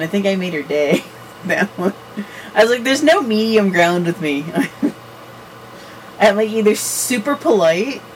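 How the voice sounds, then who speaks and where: A young woman co-hosting a podcast, telling stories in a chatty, giggly, animated way. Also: mid-range voice, distant mic, a little hiss or hum, low-quality recording. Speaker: podcast co-host. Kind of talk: casual chat.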